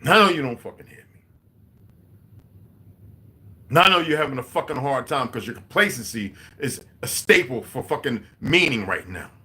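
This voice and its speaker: A man's voice: mid-range voice, animated, brisk, sharp tone. A man in his forties giving a rambling, profane, preachy monologue. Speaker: video host.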